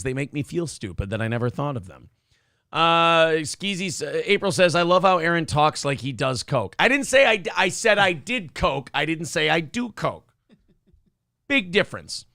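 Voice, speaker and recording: A man's voice: fairly high pitch, bright, forceful tone, no room sound, studio quality. A man co-hosting a casual livestream show, joking crudely and reading viewer comments aloud. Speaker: co-host.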